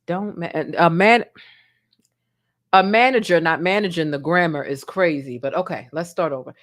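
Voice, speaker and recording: A woman's voice: on the low side, moderate pace. Sassy, goofy woman streaming live. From Baltimore. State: sleepy, up at dawn. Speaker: live-stream commentary host. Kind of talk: casual live-stream commentary.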